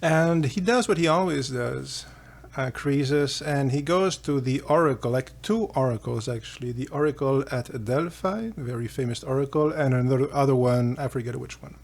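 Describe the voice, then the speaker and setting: A man's voice: medium pitch, moderate pace, vocal fry, a little mellow. A man hosting a philosophy channel, retelling an ancient legend in a rambling, casual way with fillers and chuckles. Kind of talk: casual storytelling lecture.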